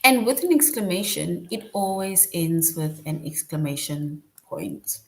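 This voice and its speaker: A woman with a slightly low voice walks young students through a grammar lesson. She explains patiently and keeps checking in with a quick "right?". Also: expressive, darkish tone. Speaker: teacher.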